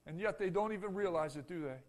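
A man's voice: high-pitched, quick pace. A man preaching a sermon as pastor in a church, emphatic and full of repeated rhetorical questions to the congregation. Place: church sanctuary.

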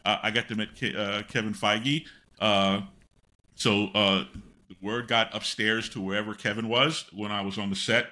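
A man's voice: fairly low pitch, steady tone, normal speed, bright, forceful tone. An older man, a guest on an interview podcast, telling long rambling anecdotes full of fillers and restarts.

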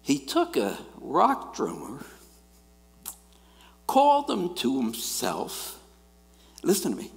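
A middle-aged man, preaching a sermon and telling stories in an animated way, swinging between loud and quiet. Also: fairly high pitch, slow, gravelly, pauses often. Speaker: guest preacher. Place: church sanctuary. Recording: church hall reverb.

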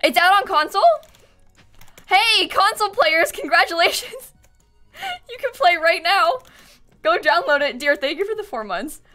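A woman giving excitable live gaming stream commentary, swinging between panicked shrieks and quiet muttering. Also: extremely high pitch, unhurried, long pauses, soft background music.

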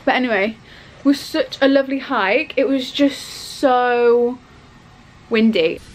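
A young woman chatting excitedly to camera in a casual travel vlog, swearing now and then. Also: on the high side, a little slow, slight background noise, low-quality recording. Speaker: vlogger.

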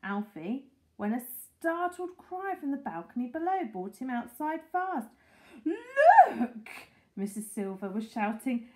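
Animated woman reading a children's story. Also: fairly high pitch, normal speed, poor audio. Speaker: storybook reader.

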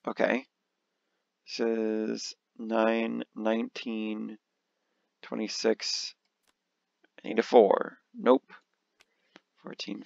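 Young male let's-play host, low gravelly voice, mutters sums, dull lo-fi mic. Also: no room sound. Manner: mutters card sums, then bursts of exasperation. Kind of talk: casual game commentary.

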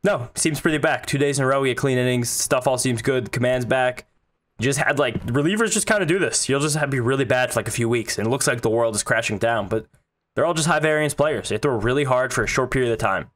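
A man's voice: medium pitch, quick pace, fairly bright tone. Joking, stat-minded man on a sports podcast. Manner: joking, stats-minded, swears casually. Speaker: podcast co-host. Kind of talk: casual sports chat.

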